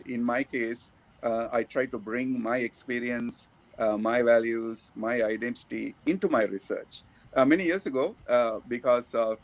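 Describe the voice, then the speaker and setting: A man from Sri Lanka with a Sri Lankan English accent, giving a thoughtful academic talk with many pauses and fillers. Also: medium pitch, a little mellow. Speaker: academic speaker.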